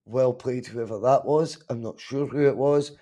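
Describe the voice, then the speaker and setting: A Scottish man hosting a live football watch-along podcast, chatting casually, reacting to the match and the chat with animated, sometimes sweary remarks. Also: mid-range voice, moderate pace. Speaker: podcast host.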